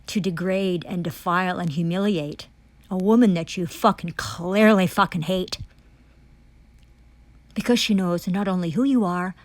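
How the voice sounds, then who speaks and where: Her voice fairly low and her pace a little slow, a woman describing herself as a foreign diplomat rants through her testimony. The accusations are furious and profane, full of repetition and false starts, with no room sound at all.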